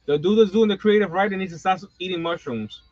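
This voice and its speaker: A man's voice: sits high, quick pace, darkish tone. A middle-aged man hosting a wrestling channel, ranting casually and profanely with lots of slang asides. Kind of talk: casual live-stream rant. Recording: dull lo-fi sound.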